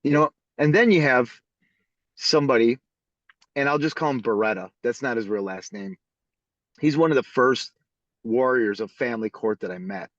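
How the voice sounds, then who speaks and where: A man who is a podcast guest, telling stories in a casual, animated way and acting out the people in them. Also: mid-range voice, normal speed, pauses often, no room sound. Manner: animated storyteller who acts out the voices in his stories. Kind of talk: casual storytelling interview. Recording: slightly dull lo-fi audio.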